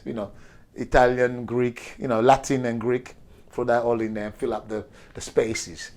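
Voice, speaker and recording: A man's voice: mid-range voice, normal speed, a little mellow. An older man whose first language is Portuguese, tipsy and rambling through a profane history rant while acting out characters in quotes. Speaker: show regular.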